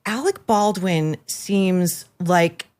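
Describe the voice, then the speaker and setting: A woman columnist, a guest telling gossipy stories in an animated, incredulous way. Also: fairly low pitch, drawn-out words. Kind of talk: gossipy commentary.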